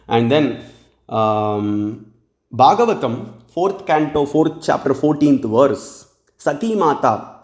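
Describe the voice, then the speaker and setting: A man's voice: medium pitch, a little mellow. Man lecturing on scripture, roomy echo. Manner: explains verses, often checks in with "hmm?"; recites Sanskrit verses then translates. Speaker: religious lecturer.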